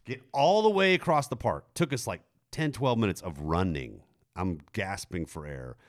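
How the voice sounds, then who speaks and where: A middle-aged man, telling a story in casual chat, jumping high in pitch when he quotes a woman. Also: animated, moderate pace. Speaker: podcast co-host telling a story.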